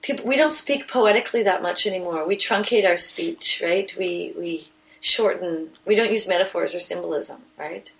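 A woman's voice: on the low side, moderate pace, vocal fry, poor audio. A woman stage actor in a casual interview, recorded inside a house, explaining her ideas thoughtfully with frequent restarts.

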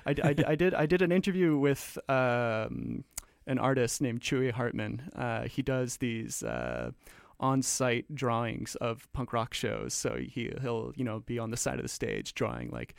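Gravelly man stammering through restarts. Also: medium pitch, sing-song, no echo, clean studio sound. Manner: halting, many stammered restarts. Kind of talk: casual radio chat about punk records.

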